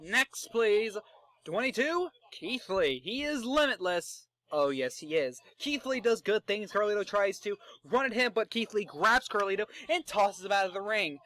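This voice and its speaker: Bright-voiced excitable young man. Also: sits high, moderate pace. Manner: excitable, joking, profane. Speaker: fantasy booker. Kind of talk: casual commentary narration.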